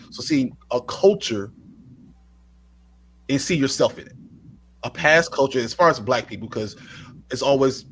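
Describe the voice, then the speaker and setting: A man's voice: mid-range voice, fairly bright tone, rough recording. Man, podcast co-host, thoughtful casual talk, laughs easily, faint noise behind. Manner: reflective, laughs often, repeats himself. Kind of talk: casual movie review chat.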